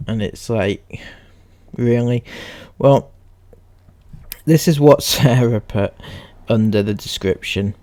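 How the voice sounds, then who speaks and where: A man's voice: mid-range voice, slow pace, warm tone. A young man giving sarcastic, mocking commentary as he reacts to a social media post. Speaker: commentary YouTuber.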